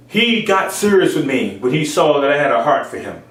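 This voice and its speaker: Lively high-voiced man preaching, echoey. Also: a little fast, few pauses. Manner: acts out others' voices in raised tones; repeats phrases for emphasis. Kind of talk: informal sermon. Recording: echoey room from far off.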